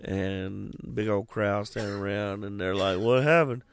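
A man's voice: fairly low pitch, monotone, a little slow, a little hiss or hum. A man in casual movie chat, rambling and profane, slipping into goofy voices as he retells scenes.

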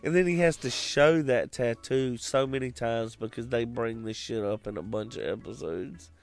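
A man's voice: mid-range voice, normal speed. A man co-hosting a casual chat, swearing freely, laughing often and acting out quoted lines.

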